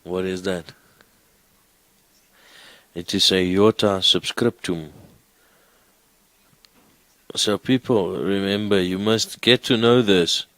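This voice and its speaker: Deep slow guy teaching greek, keeps quizzing the class. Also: fairly bright tone, dry recording, rough recording. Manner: questioning, coaxing students. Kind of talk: classroom lecture.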